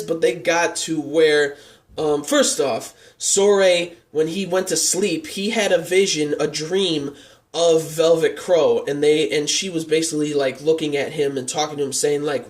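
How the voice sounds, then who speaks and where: Earnest rambling young-sounding male reviewer. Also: on the high side. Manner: rambling, heavy on "like" and "and stuff" fillers; earnest and openly moved. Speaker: anime reviewer. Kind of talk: casual episode review vlog.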